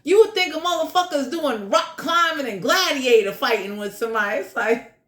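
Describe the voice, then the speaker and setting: A woman's voice: high-pitched, expressive, brisk, a bit bright, reverberant. Blunt, crude-talking tarot reader woman. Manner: blunt, crude and joking, heavy swearing. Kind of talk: casual general tarot reading.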